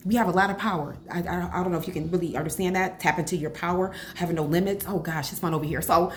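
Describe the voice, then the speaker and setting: A woman in her forties, a cooking vlogger chatting casually at home with rambling, animated asides. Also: fairly low pitch, quick pace. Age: 40s. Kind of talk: casual cooking vlog chat. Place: home kitchen. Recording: echoey kitchen, faint room noise.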